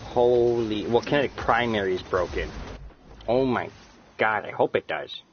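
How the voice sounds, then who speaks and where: A man casually commenting on a co-op game he is streaming, excitable and swearing, breaking into loud yelps. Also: on the low side, moderate pace, highs cut off, slight background noise. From Canada. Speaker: gamer streaming co-op play.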